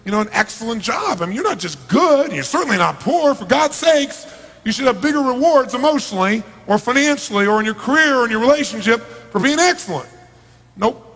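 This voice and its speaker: Male motivational speaker, middle-aged, high voice, emphatic stage delivery, big reverberant hall. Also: lively intonation, fast. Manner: emphatic, swings from hushed to shouting. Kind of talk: live seminar talk to an audience. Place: large event hall. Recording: long reverb of a large hall.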